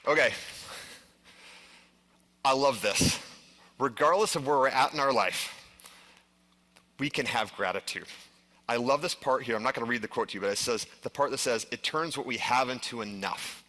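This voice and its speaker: A middle-aged man with a bright, clear-edged voice speaks to a room as a conference presenter. He tells a personal story earnestly, with many casual fillers and restarts. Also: medium pitch, normal speed, pauses often. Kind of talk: live stage presentation.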